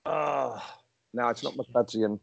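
A man on a podcast quiz, jokey and animated, thinking out loud as he hunts for answers. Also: medium pitch, slow, gravelly, crowd noise. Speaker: podcast guest. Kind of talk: casual banter.

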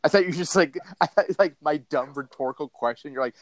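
Animated and quick, this man co-hosts a casual podcast, cracking crude jokes as he rambles. His pitch jumps around, fillers and restarts pile up, and there's no room sound.

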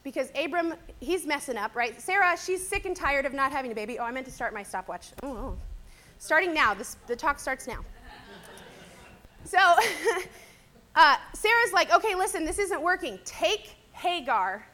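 A woman with a notably high voice gives a casual Bible teaching talk. She speaks conversationally, tossing in "kinda" and "right?" as she retells the story. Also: lively intonation, moderate pace, sharp tone. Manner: chatty, conversational, often adds "right?" and "kinda".

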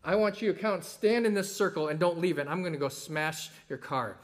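A man's voice: on the high side, a little fast, close to an everyday voice. A man voicing a big, angry bully in a joke he tells during a sermon. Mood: threatening.

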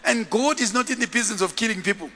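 A man preaching a sermon as a bishop, telling stories in an animated way and acting out the scenes. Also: high voice, fast talker, in a large hall.

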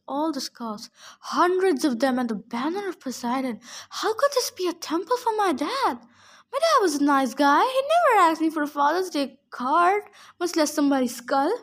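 A woman reading a novel aloud, expressive first-person narration. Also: high voice. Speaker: audiobook reader.

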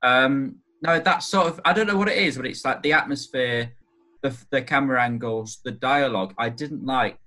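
A man's voice: medium pitch, moderate pace, bright, forceful tone. A man co-hosting a podcast, chatting casually about a film, hesitant and reading from his notes. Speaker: podcast co-host. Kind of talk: casual film review chat.

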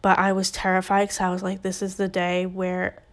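A woman's voice: medium pitch, completely flat delivery, moderate pace. A young woman on a podcast telling a personal story in an emotional, rambling way, often restarting her sentences.

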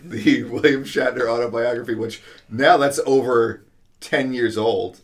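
Man, podcast co-host, fairly low mid voice, wry asides, quick comebacks. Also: steady tone, a crowd in the background. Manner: wry, mock-indignant quips. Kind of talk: casual group chat.

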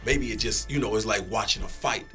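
A man's voice: lowish voice, brisk, a bit bright, faint music behind. A middle-aged man, telling a story casually as a guest, swearing freely and acting out quotes.

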